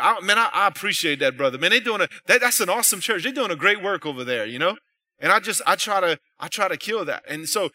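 A man's voice: fairly high pitch, bright, forceful tone. A man pastor giving a casual, conversational sermon, full of "you know" and "right?" asides to his congregation.

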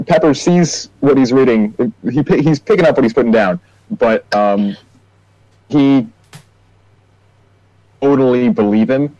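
A man's voice: medium pitch, darkish tone, no echo, poor audio. Casual man playing a tabletop game. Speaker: player. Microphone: online call.

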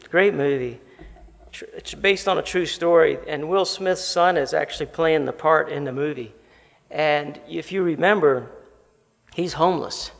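A man preaching a sermon as pastor, animated, slowing down for emphasis and putting questions to the listeners. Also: on the high side, vocal fry. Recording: long reverb of a large hall.

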